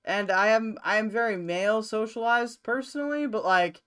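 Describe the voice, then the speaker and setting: A woman's voice: a little high, moderate pace, a bit bright, smooth. A woman hosting a reaction video, rambling and exclaiming in bemused commentary.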